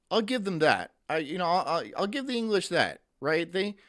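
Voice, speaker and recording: A man's voice: a little high, a bit bright. A man streaming, ranting profanely and reading chat messages aloud in casual commentary.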